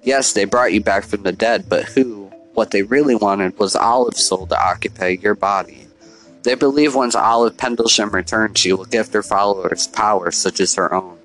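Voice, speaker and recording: Man doing a low-voiced, haunted middle-aged father, measured and solemn, faint music behind. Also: a bit bright, natural voice, rough recording. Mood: grave. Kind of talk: storybook narration.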